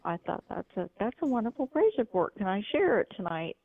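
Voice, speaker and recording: A woman's voice: mid-range voice, big pitch swings, a little fast, creaky, no room sound. A woman caller telling a story on a phone line, rambling, with frequent restarts. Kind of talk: call-in testimony. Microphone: telephone. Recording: tinny phone line, dry.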